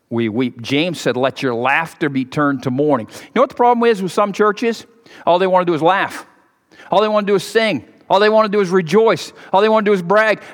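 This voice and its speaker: A male pastor delivering a sermon in a church, his voice sitting high for a man. He swings from hushed, low passages to loud raised peaks, leaning on rhetorical questions, repetition and quick joking asides. The sound carries a long, ringing hall reverb. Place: church sanctuary.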